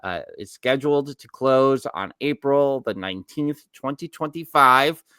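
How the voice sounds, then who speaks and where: This podcast co-host, a man in his forties with a New York accent, chats casually about theme parks in a medium-pitched, expressive, a little slow voice with a sharp, smooth tone. His rambling stories get corrected mid-sentence, and there's no room sound.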